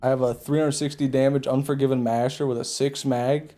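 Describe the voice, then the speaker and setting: A male streamer talks casually over his gameplay, cracking crude jokes and greeting viewers as they chat. His voice is mellow and mid-pitched, with faint game music running underneath. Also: little pitch movement, brisk. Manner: profane, joking, laughs at his own jokes; chats with viewers while playing. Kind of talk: casual live gameplay commentary.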